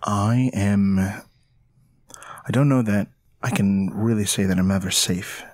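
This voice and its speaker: Brief: man doing a wary vampire gang leader, female, low and dry, close dry mic. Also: fairly even intonation, takes it slowly, darkish tone, no echo. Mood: guarded.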